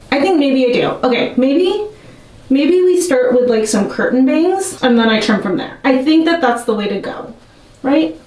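A young woman talks to her camera in a nervous, self-mocking ramble, her voice sitting a little high. She's a step back from the mic in an echoey room at home. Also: darkish tone. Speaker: vlogger. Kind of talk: casual talking to camera while cutting a wig. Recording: roomy and a bit distant from the mic.

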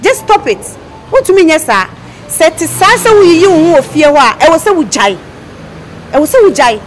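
A lively, scolding Ghanaian woman. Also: high-pitched, moderate pace, slight background noise. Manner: scolding, reproachful. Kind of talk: Ghanaian film acting.

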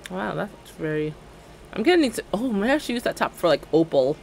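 A woman's voice: on the low side, sing-song, brisk, vocal fry, a little mellow, slight background noise. A young woman in her twenties streaming a game, chatting casually in a giggly, rambling way full of "like" fillers. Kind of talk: casual livestream chat while playing a game.

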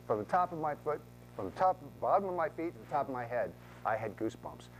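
A middle-aged man giving a motivational talk as a real estate speaker, telling stories with lively back-and-forth dialogue. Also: mid-range voice, fast talker, faint music behind, rough recording. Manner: animated, acts out both sides of conversations.

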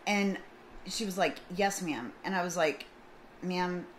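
A middle-aged woman telling a story in a casual vlog, acting out both sides of the conversation in an animated way. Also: lowish voice, unhurried, low-quality recording. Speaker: vlogger. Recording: faint background noise.

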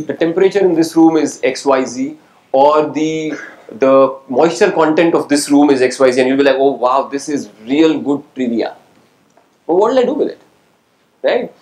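A man's voice: a little high, darkish tone. A man giving an interactive lecture to students as a guest speaker, quizzing the audience and often asking "right?" to check they follow. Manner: engaging, quizzes the audience and calls on people; asks "right?" to check understanding. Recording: echoey lecture hall.

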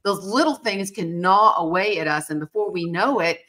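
A woman's voice: on the low side, normal speed. A middle-aged woman hosting a chat, telling self-mocking stories and acting out what people said. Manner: animated, self-mocking, acts out quotes. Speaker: podcast host. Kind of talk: casual storytelling chat.

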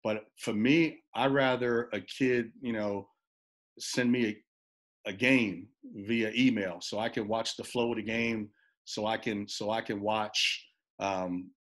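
A middle-aged man, a college basketball assistant coach, telling a recruiting story with animated back-and-forth, often repeating words as he goes. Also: on the low side, a little slow. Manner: animated storyteller, repeats words, acts out both sides of phone calls.

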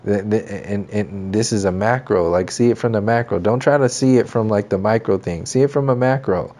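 A man's voice: on the low side, moderate pace, a little mellow. A man hosting his own channel, talking in a loose, rambling monologue full of restarts, fillers and swearing. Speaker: channel host. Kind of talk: casual monologue commentary.

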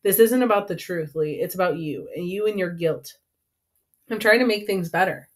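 A woman's voice: lowish voice, moderate pace, natural voice. A woman reading as a defensive teenage boy. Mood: shouting.

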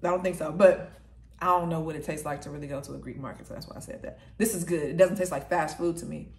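A woman's voice: deep voice, steady tone, quick pace, vocal fry, a little mellow. Chatty woman reviewing food in an echoey room. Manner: chatty, talks between bites and hums while tasting. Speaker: vlogger. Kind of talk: casual mukbang food review. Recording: roomy echo.

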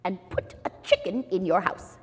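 A woman voicing a wise woman from town, speaking calmly and matter-of-factly in a children's story. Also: mid-range voice, normal speed, long reverb tail, heavy background noise.

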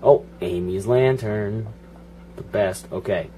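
A man's voice: sits low, steady tone, normal speed, a little mellow, a little hiss or hum. A man giving casual, profane running commentary while playing a video game, grumbling and joking at it. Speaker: gaming channel host.

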